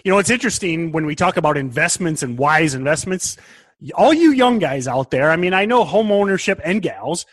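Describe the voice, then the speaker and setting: Animated husky-voiced man co-hosting. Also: fairly high pitch, brisk, no room sound. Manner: animated, laughs often, stammering restarts. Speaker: podcast co-host. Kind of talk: casual chat.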